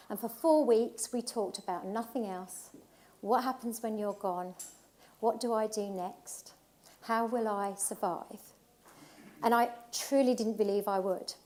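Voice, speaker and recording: A woman's voice: medium pitch, unhurried, darkish tone. A middle-aged woman from England giving an emotional, heartfelt personal talk at a live event, speaking emphatically with repetition.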